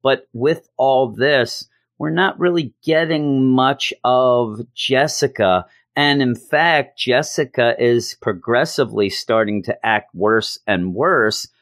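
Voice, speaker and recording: A man's voice: mid-range voice, slow pace, a bit bright, no echo, clean studio sound. A man giving a casual spoken comic book review, blunt and exasperated, with casual swearing.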